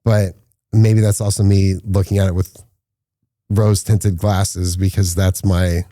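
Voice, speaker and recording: A man's voice: unhurried, no room sound, clean studio sound. A man, a filmmaker, telling stories casually in a podcast interview and acting out the quotes. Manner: animated storyteller, acts out quotes with rising pitch. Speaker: filmmaker guest.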